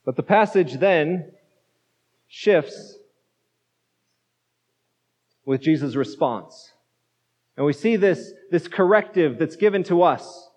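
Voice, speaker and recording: A man's voice: fairly high pitch, animated, takes it slowly, a little mellow. A male pastor preaching a sermon in a conversational way, asking his listeners rhetorical questions. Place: church sanctuary. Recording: dull lo-fi sound with long reverb.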